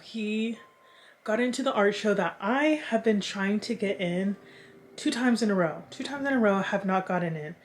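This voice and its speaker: A young woman vlogging in casual chat, chatty and animated, swearing freely as she talks. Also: medium pitch, slight background noise.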